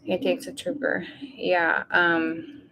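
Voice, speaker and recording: A woman vlogger in a casual diary vlog, tired and low on energy, rambling with lots of fillers and speaking openly about her feelings. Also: fairly even intonation, takes it slowly, bright, forceful tone. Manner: openly emotional, confiding.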